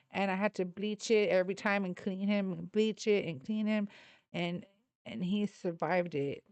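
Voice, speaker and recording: Chatty woman with a smooth voice. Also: mid-range voice, a little mellow, no room sound. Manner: chatty and rambling, laughs often, swears casually; coos baby talk at her dogs. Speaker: livestream host. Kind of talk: casual chat.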